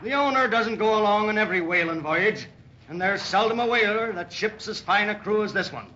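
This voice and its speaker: An actor playing an earnest, cautious first mate in a radio drama, from a dull old radio recording. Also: male voice, sits high, lively intonation, fairly quick, bright, forceful tone, slight background noise.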